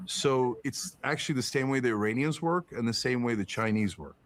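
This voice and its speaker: Male podcast guest, mid-pitched, heated and profane, rapid rhetorical jabs. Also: a little hiss or hum. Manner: emphatic, profane, rhetorical questions, mocking put-on quotes. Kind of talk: political commentary in conversation.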